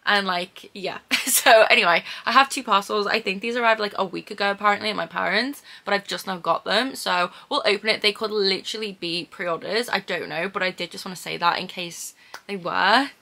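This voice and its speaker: A young woman vlogging casually about books, gushing and excitable, with lots of "like" and "oh my god". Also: mid-range voice, brisk, vocal fry. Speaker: book vlogger. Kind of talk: casual vlog chat.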